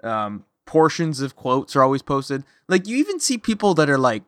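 A man hosts a casual podcast in a loose, chatty way, full of "like" and "you know". His voice sits at a middle pitch and sounds close and dry. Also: sing-song, moderate pace, no room sound. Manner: loose, chatty, lots of likes. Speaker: podcast host.

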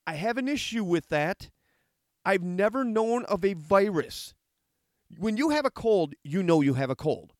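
A man's voice: high-pitched, expressive, measured pace, darkish tone, dry recording, studio quality. A middle-aged man giving a heated, argumentative monologue, reading out a letter and rebutting it with sarcasm. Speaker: commentator reacting to a letter.

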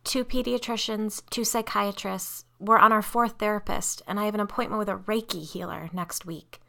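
Read by a woman, a frightened, indignant mother in a spoken ghost story. She is heated and emphatic, her voice bright and forceful, climbing higher as she talks. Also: fairly even intonation, moderate pace, creaky. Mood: weary.

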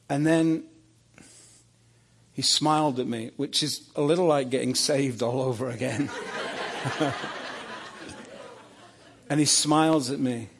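Slow-spoken man preaching a story. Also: a little high. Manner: animated storytelling with restarts and stammers. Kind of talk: sermon storytelling.

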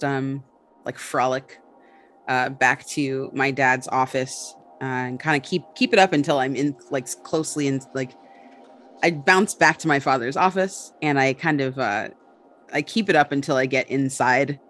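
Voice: mid-range voice, fairly even intonation, moderate pace, a bit bright, soft background music. A tabletop player describing their actions with many fillers and restarts. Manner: hesitant, filler-heavy, reflective.

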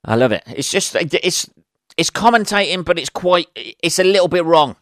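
A man's voice: a little high, animated, normal speed, no echo, clean studio sound. A man hosting a casual solo podcast, ranting with lots of swearing and exasperation. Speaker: podcast host.

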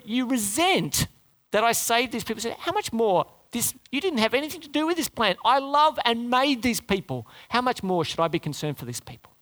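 A man preaching a sermon to his congregation, animated, his voice climbing high for emphasis and dropping low and soft for prayer. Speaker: pastor.

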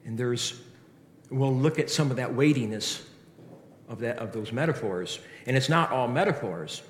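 A pastor delivers a sermon, posing earnest rhetorical questions and often restarting his sentences. His mid-range voice is animated and moves at normal speed. The recording carries echoey hall reverb plus a little hiss or hum.

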